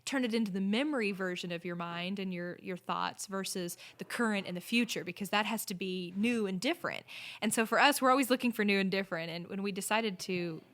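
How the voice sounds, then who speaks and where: A woman's voice: mid-range voice, brisk, a bit bright. A middle-aged woman, a podcast guest, telling her story in a chatty, upbeat way. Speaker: podcast guest, inn owner and corporate chef. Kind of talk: casual interview chat.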